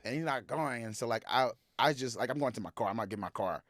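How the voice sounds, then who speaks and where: A man telling a story as a podcast guest, animated, acting out quoted lines loudly and laughing as he goes. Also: mid-range voice, fast talker, no echo, clean studio sound. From Texas. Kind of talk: casual storytelling. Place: podcast studio.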